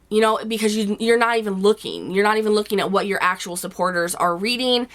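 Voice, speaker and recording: A woman with a cold-roughened, hoarse voice, giving blunt, chatty advice to her viewers in a casual vlog. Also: medium pitch, fairly bright tone. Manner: blunt, chatty, with frequent "you know" and casual swearing. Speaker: YouTube vlogger. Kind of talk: casual advice chat to camera.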